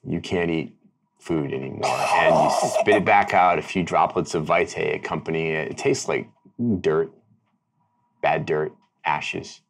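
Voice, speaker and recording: Deep male storyteller, wry, vivid scene-setting for tabletop play. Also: steady tone, gravelly. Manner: descriptive, wry, unhurried storytelling. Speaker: game master. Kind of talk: narrating a tabletop game.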